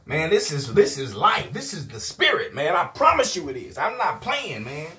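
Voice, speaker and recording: A man's voice: on the high side, wildly swooping pitch, normal speed, sharp tone. A man preaching an informal video sermon. He talks in a rowdy, emphatic way, often repeating "man" and "I promise you".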